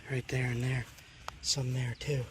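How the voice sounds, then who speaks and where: A man from Long Island hosting an outdoor exploring vlog by a creek in the woods. He talks to his viewers in an excitable way and laughs often. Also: medium pitch, unhurried, rough recording. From Long Island, New York. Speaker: host. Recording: outdoor noise behind.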